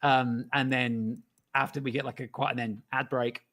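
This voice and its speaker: A man's voice: mid-range voice, normal speed. Man animatedly describing a video scene. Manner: animated storytelling, acts out characters. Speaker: co-host, animator. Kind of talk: casual chat.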